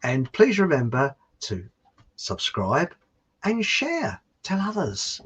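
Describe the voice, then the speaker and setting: A man's voice: medium pitch, wildly swooping pitch, takes it slowly, a bit bright, slightly rough. A middle-aged man hosting a livestream. He chats casually and rambles in a self-mocking way. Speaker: livestream host. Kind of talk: casual chat and joke telling. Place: warm indoor room.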